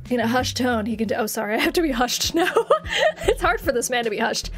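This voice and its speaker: A woman's voice: on the high side, very animated, fairly quick, soft background music. A woman streamer reading a visual novel game aloud on a live stream, with giggly, chatty asides and playful exclamations.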